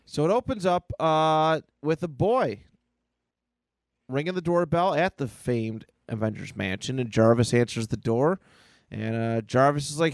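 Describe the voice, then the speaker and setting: A man's voice: mid-range voice, expressive, unhurried, creaky, no echo. Man hosting a casual comics podcast, eager and chatty, mid-range voice. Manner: enthusiastic, retelling a comic aloud. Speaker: podcast co-host. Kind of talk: casual chat.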